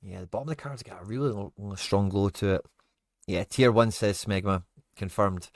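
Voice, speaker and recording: A young man in casual stream commentary who gets excitable, groans, scolds himself and chats to his viewers. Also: lowish voice, normal speed, no echo, studio quality.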